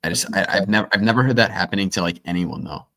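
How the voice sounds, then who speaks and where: A man with a notably low voice co-hosts a film podcast. He tells stories in a casual, animated way. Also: racing. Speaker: podcast co-host. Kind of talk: casual storytelling chat.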